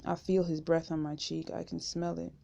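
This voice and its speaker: A woman reading a memoir aloud in first person, steady and unhurried, on a dull lo-fi home recording. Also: sits low, gravelly. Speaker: audiobook reader.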